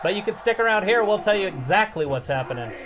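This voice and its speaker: A man's voice: high voice, lively intonation, quick pace. A man co-hosting a casual live stream, teasing and joking with crude humor as he chats. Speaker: co-host.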